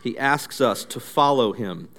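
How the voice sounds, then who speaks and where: Animated male pastor preaching. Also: medium pitch, unhurried. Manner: conversational storytelling preacher. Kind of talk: sermon. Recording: echoey hall reverb.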